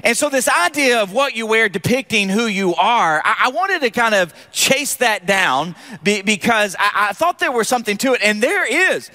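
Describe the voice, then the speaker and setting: A man preaching a sermon as pastor, animated and joking with the congregation in church. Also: sits high, moderate pace, hardly any pauses.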